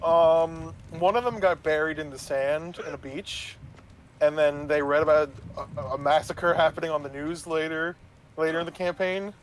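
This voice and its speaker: A man's voice: fairly high pitch, fairly even intonation, moderate pace, slight background noise. A man who runs tabletop games, casually retelling a session in a rambling way, swearing and asking "right?" as he goes. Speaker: game master. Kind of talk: casual storytelling about a tabletop game.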